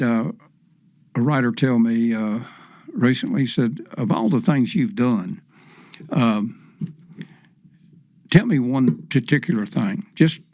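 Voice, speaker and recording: A man's voice: mid-range voice, a little mellow, no room sound. An older man, a professional fisherman, telling stories as a podcast guest in a folksy, rambling way full of fillers. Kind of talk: storytelling in casual chat.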